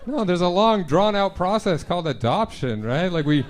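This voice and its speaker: A young man performs stand-up on a club stage into a handheld mic. His voice sits a little high for a man. He tells stories in a loose, self-deprecating way and breaks into punchy act-outs. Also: very animated, moderate pace, some chatter behind. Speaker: stand-up comedian. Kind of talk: stand-up comedy set.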